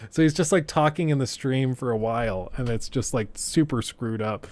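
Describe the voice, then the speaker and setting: A man's voice: mid-range voice, moderate pace, darkish tone, no room sound. A man chatting casually on a live stream, rambling loosely and slipping into impressions of others.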